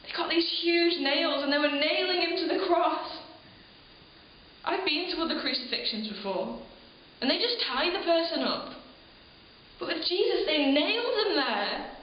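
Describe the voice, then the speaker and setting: A woman plays an earnest townswoman eyewitness who pours out her memory in a high, emotional monologue. Her voice rings around a very echoey room, and the recording sounds dull with a faint hiss underneath. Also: animated, moderate pace. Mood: grieving. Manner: earnest, emotional storytelling with breathy laughs and sighs. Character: ordinary townswoman recalling the crucifixion, earnest. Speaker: eyewitness in a church program video. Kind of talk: dramatic first-person monologue.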